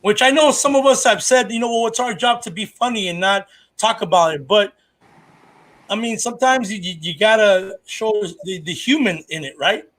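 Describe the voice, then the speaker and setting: A man's voice: sits high, normal speed, a bit bright. A man, a comedian co-hosting a podcast, telling stories in casual chat, rambling and profane with lots of restarts.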